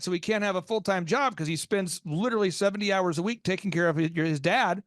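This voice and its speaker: An American man hosting a podcast, telling a long story with energy and leaping into high excited voices when he acts out his reactions. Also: brisk, dry recording, studio quality. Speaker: podcast host. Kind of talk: animated storytelling in a business podcast.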